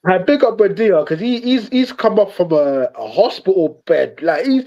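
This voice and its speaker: A man on a football podcast, chiming in with quick remarks and laughing easily. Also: high-pitched, lively intonation, dark tone. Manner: quick interjections, easy laughter. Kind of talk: casual football chat. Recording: dull lo-fi mic.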